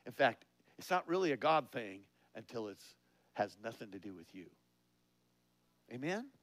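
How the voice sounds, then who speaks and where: A man preaching a conversational sermon, laughing often and asking his listeners questions, rising in pitch and volume on key points. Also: very animated, normal speed.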